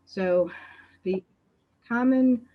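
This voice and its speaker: Woman laryngologist with dull lo-fi audio. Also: a little high. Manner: measured, organized explanation. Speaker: laryngologist presenting. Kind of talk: online medical lecture.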